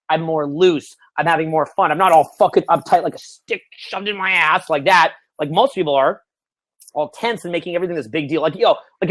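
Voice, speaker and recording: A man's voice: fairly high pitch, a bit bright, no echo. A man in his thirties, a dating coach, talking loosely and animatedly to camera, swearing freely and laughing often. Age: 30s. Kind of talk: casual coaching talk to camera. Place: small indoor room, seated.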